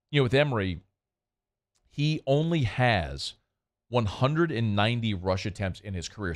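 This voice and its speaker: Male sports radio host, lowish voice, loose chatty delivery. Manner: chatty, loose, quick asides. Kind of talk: casual sports talk and live ad read.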